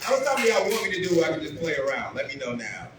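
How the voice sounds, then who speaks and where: Brash high-voiced man doing stand-up. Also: quick pace, noisy background. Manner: brash, crude and animated, builds rhythmic lists. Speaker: stand-up comedian. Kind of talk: stand-up comedy set. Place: comedy club with a live audience. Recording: roomy club with crowd laughter.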